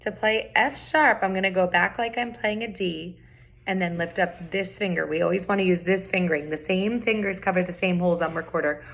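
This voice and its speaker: A middle-aged woman with a slightly low voice teaches a recorder tutorial. She explains patiently, says the important points twice and counts and chants the rhythms aloud. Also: a little fast, gravelly, a bit bright. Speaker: music teacher.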